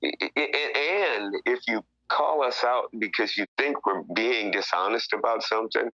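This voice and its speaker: Deep-voiced older man, frank and blunt. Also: moderate pace, sharp tone, no echo, dull audio. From Chicago, USA. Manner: frank, blunt and loose, with casual swearing. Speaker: rock musician guest. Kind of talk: candid interview talk.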